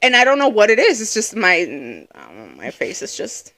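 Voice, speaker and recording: A young woman co-hosting a casual podcast chat, loud and animated, acting out quotes as she tells stories. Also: mid-range voice, moderate pace, no room sound. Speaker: podcast co-host.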